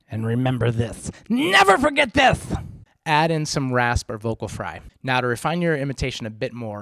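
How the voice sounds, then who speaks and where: A man's voice: medium pitch, dry recording. Encouraging male vocal coach, dry close sound. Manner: patient, encouraging, step-by-step explanations. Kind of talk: instructional voice tutorial.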